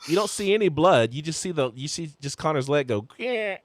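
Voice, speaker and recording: A man co-hosting a sports podcast in casual chat, stumbling over restarts and letting his voice jump high when excited. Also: fast. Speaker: podcast co-host.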